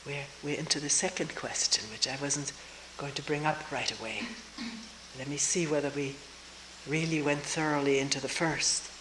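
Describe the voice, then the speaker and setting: A woman's voice: sits low, steady tone. Older woman, reflective talk on hissy tape. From Germany. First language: German. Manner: slow, thoughtful, pausing, soft laughs. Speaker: retreat teacher. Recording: roomy old tape with hiss.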